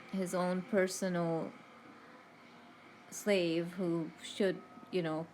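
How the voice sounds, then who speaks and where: A woman's voice: medium pitch, a little hiss or hum. Rambling woman vlogger, full of ums. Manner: hesitant, many ums and self-corrections. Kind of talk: rambling casual monologue.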